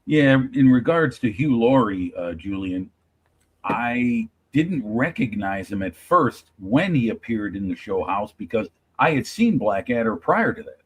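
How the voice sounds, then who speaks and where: A man on a chat panel speaking in a measured, slightly formal way with frequent pauses. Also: medium pitch, big pitch swings, husky, low-quality recording. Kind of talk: casual chat.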